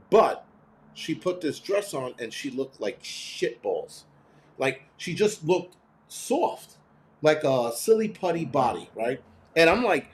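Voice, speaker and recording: A man hosting a live stream, chatting casually and reading viewer comments, ranting bluntly with lots of swearing and quick imitations of other people. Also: a little high. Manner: mimics others in quoted voices.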